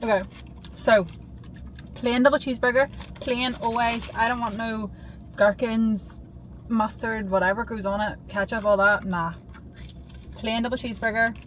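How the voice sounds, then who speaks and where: A young woman chats straight to her camera in a loose, rambling vlog style, bubbly and quick to get excited. Her voice sits a little high. A faint hum of background noise runs under her talk. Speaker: vlogger. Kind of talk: casual chatty vlog.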